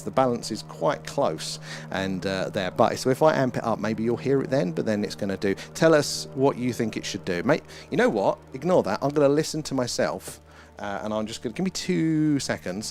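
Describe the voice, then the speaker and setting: A man's voice: on the low side, a little mellow. A British man hosting a casual live stream, chatting, greeting viewers by name and swearing mildly. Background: faint ambient music.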